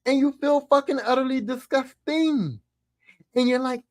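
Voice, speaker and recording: A man hosting a podcast, telling crude stories in a profane, animated way, often laughing. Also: very high-pitched, measured pace, no echo. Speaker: podcast host. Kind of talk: crude casual monologue.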